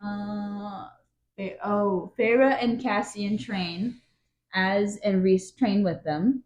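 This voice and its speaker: A woman's voice: medium pitch, takes it slowly, a little mellow, roomy sound, muffled recording. A woman co-hosting a book podcast, chatting casually and tossing in playful reactions. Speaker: podcast co-host.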